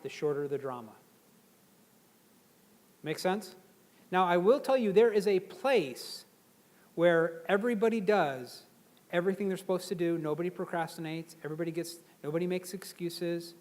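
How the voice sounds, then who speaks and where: A man giving a live motivational seminar to an audience, energetic and conversational, drawing the crowd in to repeat words after him. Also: fairly high pitch, normal speed. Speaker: seminar speaker.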